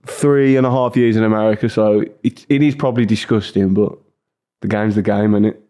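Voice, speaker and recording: A man's voice: on the low side, fairly quick, mellow. A young man, a podcast guest chatting casually, crude and joking, laughing often.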